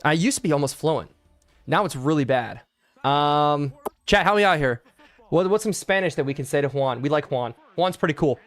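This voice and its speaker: Excitable young man calling game plays. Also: on the high side, normal speed, soft background music. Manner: excitable, talks to chat, play-by-play calls. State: voice worn out. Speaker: gaming streamer. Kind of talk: live-streamed video game play-by-play.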